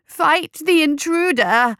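A scheming, theatrical male coroner, as a woman narrator puts him on for a storybook reading. He hatches plots in low whispers and bellows frantic orders with dramatic flair. The recording is dry and close. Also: fairly quick, creaky, no echo. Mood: frantic shouting. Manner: conspiratorial whispers, frantic shouting.

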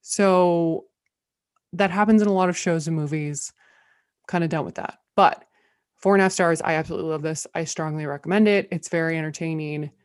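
A woman's voice: low voice, steady tone, brisk, no room sound, studio quality. Chatty woman reviewing shows. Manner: bubbly, many "like" fillers. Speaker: podcast co-host. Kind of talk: casual review chat.

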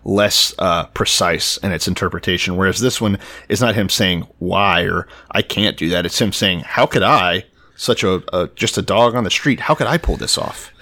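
A man with a low voice leads the retelling on a casual podcast. He is wry and profane, and he keeps pushing the story along. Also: moderate pace, few pauses, pushed and bright. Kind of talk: irreverent casual chat, retelling scripture.

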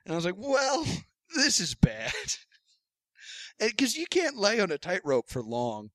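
A man's voice: fairly high pitch, no room sound, studio quality. Laughing young man telling a story. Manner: self-deprecating, laughs often, acts out quoted lines. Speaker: podcast host. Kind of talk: casual storytelling chat.

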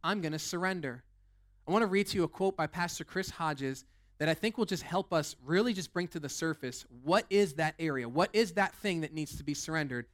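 A man's voice: on the high side, animated, fairly quick. Fired-up young man preaching. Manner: fired-up, rambling with many "like" and restarts. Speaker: lead pastor. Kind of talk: energetic sermon.

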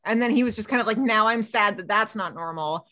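A woman's voice: mid-range voice, a little fast. A woman hosting a podcast, retelling a TV episode in casual chat and acting out the characters' lines. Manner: animated, acts out characters' lines while retelling. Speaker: podcast host.

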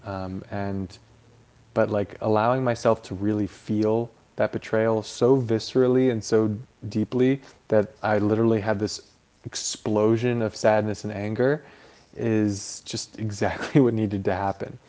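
A young man talking through a reflective personal monologue, halting and soft-spoken, with many fillers and restarts. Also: lowish voice, steady tone.

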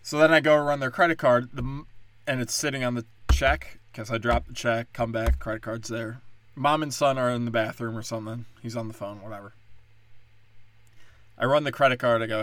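A man's voice: medium pitch, a little fast. A young man telling rambling, profane stories about his job in a casual chat. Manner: profane, rambling, animated storytelling. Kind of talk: casual storytelling rant.

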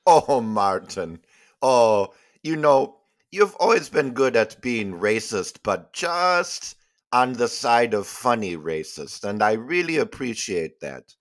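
A man's voice: mid-range voice, very animated, slow. A man doing a genial, naive foreign visitor. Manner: formal, naive questions.

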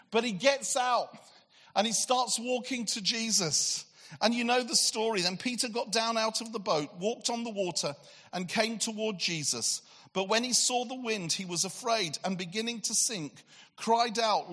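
A man preaching a sermon, telling a Bible story with animated delivery and acted-out voices, swinging from excited to hushed. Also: extremely high pitch, moderate pace. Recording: long hall reverb.

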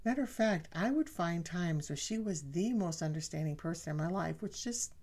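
Low, gravelly-voiced woman telling stories. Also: animated, moderate pace, a little mellow. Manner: chatty, often laughing, addresses listeners. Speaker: speaker sharing family stories. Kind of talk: personal storytelling talk.

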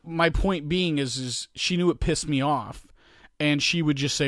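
A man co-hosting a podcast, ranting with grumbling humor about small irritations. His voice sits a little high for a man. The sound is close and dry. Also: a little slow, fairly bright tone, no echo. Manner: grumbling rants about pet peeves. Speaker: podcast co-host. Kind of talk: casual chat.

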